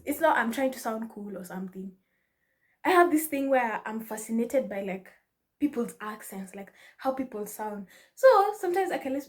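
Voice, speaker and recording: A young woman giving casual life advice to her viewers, animated and laughing often, mixing in Swahili slang. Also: sits high. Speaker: vlogger. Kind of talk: casual advice talk to camera.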